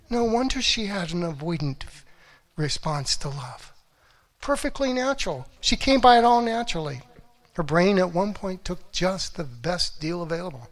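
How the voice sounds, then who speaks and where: Animated middle-aged man telling stories. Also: high voice. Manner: animated storytelling, acts out quotes, swings from hushed to loud. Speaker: relationship coach. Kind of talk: motivational talk to an audience.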